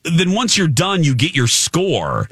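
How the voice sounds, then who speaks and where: A man telling an animated story on a talk show, excitable and acting out the voices of the people in it. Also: fairly high pitch, a little slow, husky, no echo, clean studio sound. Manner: excitable, acts out voices in his stories.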